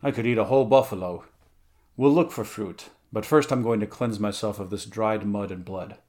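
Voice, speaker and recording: A man reading aloud, voicing a brawny male barbarian warrior who talks bluntly and gruffly. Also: on the low side, moderate pace, a little mellow, natural voice. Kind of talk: audiobook character reading.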